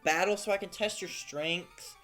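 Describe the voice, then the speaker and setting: A man's voice: high voice, normal speed, bright, forceful tone, faint music behind, pitched above the performer's own voice. A man voicing a polite, earnest young woman trainer in a video game, speaking in a sweet, formal way.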